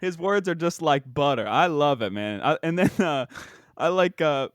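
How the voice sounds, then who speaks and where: A man's voice: on the high side, lively intonation, moderate pace, no echo, studio quality. A young man hosting a podcast, laid-back and chatty, saying "dude" and "man" a lot. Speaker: podcast host. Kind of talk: casual podcast chat.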